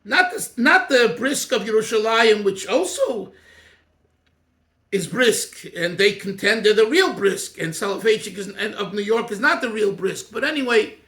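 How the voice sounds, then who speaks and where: A man teaching an informal Torah class as a rabbi, talking in an animated, digressive way with many restarts. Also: high-pitched, normal speed, reverberant.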